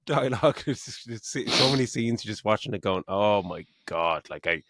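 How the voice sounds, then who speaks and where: A man's voice: mid-range voice, expressive, fairly quick, a bit bright, dry recording. A middle-aged man co-hosting a casual film review podcast, swearing a lot and mocking the plot with frequent laughs. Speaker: podcast co-host.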